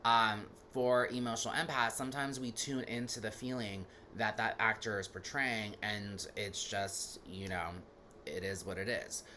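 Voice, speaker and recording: A man's voice: fairly low pitch, fairly even intonation, normal speed, sharp tone, a little hiss or hum. A man giving a casual, rambling talk as a spiritual teacher, full of fillers, who laughs now and then while telling stories.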